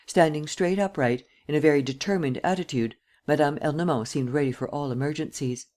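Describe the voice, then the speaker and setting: A woman narrating a classic detective novel audiobook in a measured, even storytelling manner. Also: very deep voice. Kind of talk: scripted narration.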